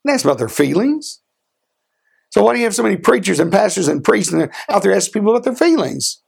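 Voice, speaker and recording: Man preaching, gravelly fry, husky tone, earnest rhetorical questions, slows for emphasis. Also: high-pitched, very animated. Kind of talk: sermon with a personal story.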